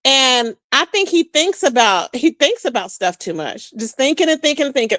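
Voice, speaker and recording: This is a woman, dishing gossip on a casual livestream. Her voice sits high and leaps around with animated sass. She calls out to her chat viewers as she talks. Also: moderate pace, hardly any pauses, dry recording. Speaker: livestream host.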